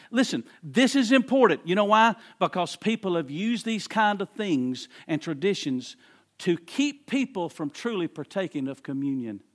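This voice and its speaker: A man preaching from the pulpit, his voice sitting high for a man. He leans hard on repeated phrases and swings from hushed asides up to ringing declarations. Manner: emphatic preaching, repeats phrases, swings between quiet and loud. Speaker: pastor. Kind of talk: sermon.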